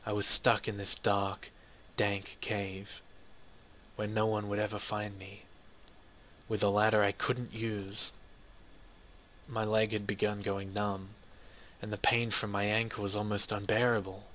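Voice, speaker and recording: A man reading a dramatic first-person story in a steady, measured way. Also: fairly low pitch, slight background noise. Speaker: narrator.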